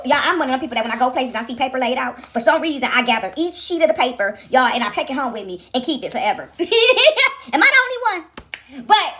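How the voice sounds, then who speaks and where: A fast-talking woman with a high, bouncing voice tells a home story straight to her viewers. She keeps checking in with them, chats loosely and laughs along as she goes. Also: pushed and bright, slight background noise. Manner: chatty, addresses viewers as "y'all", frequent "right?"; laughs often while telling stories. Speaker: vlogger.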